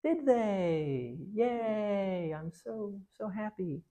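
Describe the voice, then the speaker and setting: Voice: mid-range voice, animated, drawn-out words, warm tone, voice pushed up. A storyteller voicing a sly wicked queen who speaks in a fake-sweet, sugary way. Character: sly, scheming wicked queen with a false smile.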